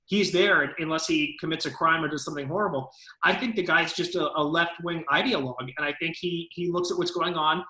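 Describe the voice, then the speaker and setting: A man's voice: a little high, fairly quick, pushed and bright, roomy sound, poor audio. A man co-hosting a political talk show, giving emphatic, lawyerly commentary.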